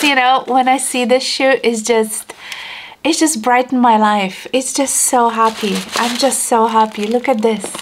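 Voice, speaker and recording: A woman vlogger chatting casually and excitedly about new luxury shoes, often repeating herself as she gushes. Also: fairly high pitch, normal speed, a little hiss or hum. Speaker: fashion vlogger. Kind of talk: casual shoe haul chat.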